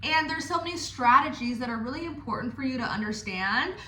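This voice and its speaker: Young woman, high bright voice, blunt and profane, casual advice, echoey room. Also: animated, fairly quick, a little hiss or hum. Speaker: stripper coaching other dancers. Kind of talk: casual direct-to-camera advice.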